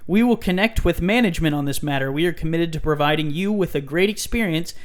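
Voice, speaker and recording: A man's voice: a little high, fast, voice pushed up, close to an everyday voice. A man putting on an exaggerated Southern accent as an indignant woman reading out a complaint. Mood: mock polite. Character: mock Southern woman reading an angry review.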